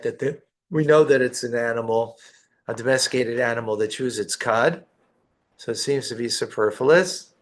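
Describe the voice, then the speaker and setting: A man teaching a line-by-line text study, reading each phrase and explaining it with rhetorical questions. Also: mid-range voice. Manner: reads Hebrew phrases then explains in English, with asides and rhetorical questions. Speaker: rabbi teaching Torah.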